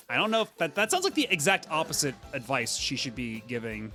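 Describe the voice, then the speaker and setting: A man's voice: medium pitch, big pitch swings, fairly quick, hardly any pauses, bright, forceful tone, soft background music. A man streaming a game, chatting casually in a rambling, filler-heavy way. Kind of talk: casual gaming commentary.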